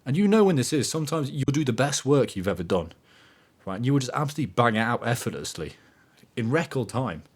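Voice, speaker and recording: A man hosting a podcast, talking in a casual motivational monologue that is animated and emphatic, swearing freely. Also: mid-range voice, quick pace, breathy edge. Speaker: podcast host.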